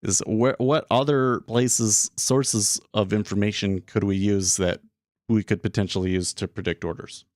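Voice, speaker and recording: A man's voice: fairly low pitch, fairly even intonation, measured pace, darkish tone, dry recording, studio quality. A man hosting a day trading livestream, talking casually and thinking aloud with many restarts, a little out of breath. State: slightly out of breath. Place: small closed room.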